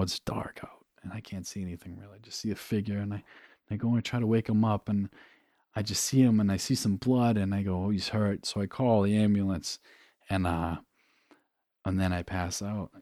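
A young man from New Hampshire recounts his own past as a guest, in a low voice. He talks casually and swears freely, often stopping on fillers. The sound is dry and close, with no room echo. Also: warm tone. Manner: casual and profane, halting with fillers. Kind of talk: candid personal storytelling.

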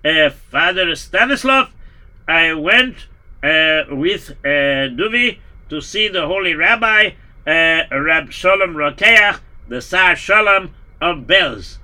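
A man playing a timid father, talking haltingly with many pauses and uh's, in a live told story. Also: fairly high pitch, lively intonation, pushed and bright, exaggerated voice. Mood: hesitant. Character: timid father seeking help for his son. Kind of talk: live storytelling role-play.

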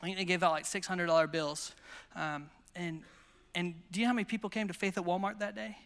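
In a big conference hall, an American man delivers a sermon built on stories, full of energy and acted-out quotes. He's a pastor whose voice sits high, moving quickly and sounding smooth.

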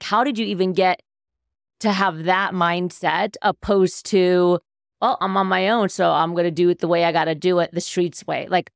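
Female podcast host, low and gravelly, searching long-winded questions. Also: no echo, clean studio sound. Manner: rambling, searching questions with restarts. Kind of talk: interview questions.

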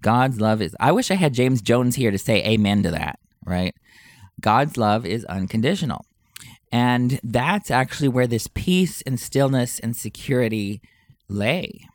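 A man's voice: mid-range voice, lively intonation, dry recording, studio quality. Earnest man giving Bible commentary. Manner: earnest, emphatic, repeats key phrases slowly. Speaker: Bible teacher.

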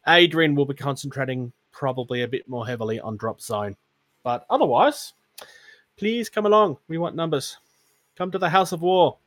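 A man's voice: a little high, animated, moderate pace, a bit bright, no room sound. A man, co-hosting a casual chat, rambling and self-mocking with frequent laughs. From Australia. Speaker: podcast co-host. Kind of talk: casual chat about tabletop gaming.

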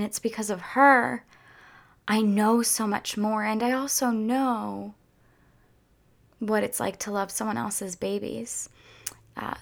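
A woman talking casually to her viewers in a heartfelt, chatty way, near tears and drifting into soft whispers at times. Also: mid-range voice, creaky. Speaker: vlogger. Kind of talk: casual personal talk to viewers.

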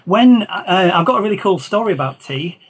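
A man's voice: sits high, animated, fairly quick, breathy edge, rough recording. A man from Yorkshire with a Northern English accent, telling stories as a guest in a casual interview. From Yorkshire, North England. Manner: rambling anecdotal storyteller. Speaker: guest, film concept designer.

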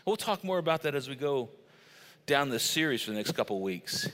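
A man's voice: mid-range voice, very animated, a little fast, a bit bright. A middle-aged man preaching a sermon, telling stories conversationally with emphatic stresses. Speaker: pastor. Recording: long reverb of a large church hall.

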